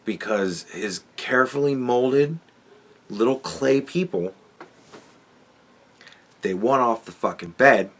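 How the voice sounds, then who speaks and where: A man's voice: medium pitch, slow, pauses often, a bit bright. A man hosting a podcast, giving a sardonic, profanity-laced commentary monologue and chuckling often. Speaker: podcast host.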